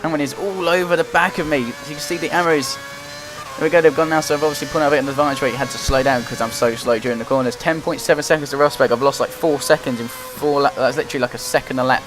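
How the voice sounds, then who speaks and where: A young man giving running play-by-play commentary while playing a racing game, getting excited and frustrated as he drives. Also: on the high side, racing. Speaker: gaming commentator. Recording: loud game music behind the voice. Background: game music and engine noise.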